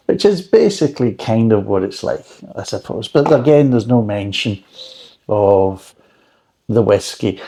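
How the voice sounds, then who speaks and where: Mellow, rambling man chatting recipes. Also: lowish voice. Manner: rambling, chatty, dry joking asides. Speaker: drinks reviewer. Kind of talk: casual home recipe chat.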